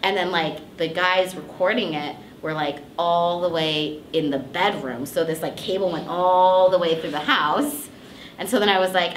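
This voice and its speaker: A woman's voice: fairly low pitch, moderate pace, slight background noise. A woman voice actress being interviewed, telling stories casually with lots of fillers and laughing asides. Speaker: voice actress guest. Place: convention interview room. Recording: echoey room.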